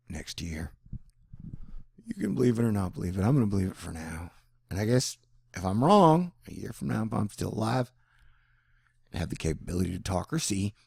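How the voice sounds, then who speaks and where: Male vlogger, gravelly, rambling off-the-cuff monologue, dry close sound. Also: on the low side, no room sound. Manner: rambling, animated, slips into mock voices.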